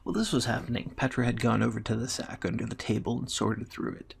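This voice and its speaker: Gravelly husky man narrating an adventure. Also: mid-range voice, fast talker. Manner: steady, even narration. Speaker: storyteller. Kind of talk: narrating a fantasy adventure story.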